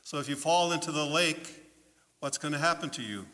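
A man preaching as a pastor in a church, telling a story in an animated way and putting questions to his listeners. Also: fairly high pitch, moderate pace. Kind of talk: children's sermon storytelling. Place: church sanctuary. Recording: long church reverb.

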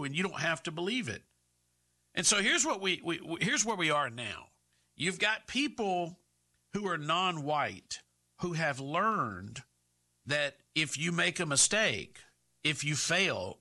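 A man's voice: mid-range voice, bright, forceful tone. A middle-aged man hosting talk radio, firing off combative rhetorical questions in an opinionated monologue.

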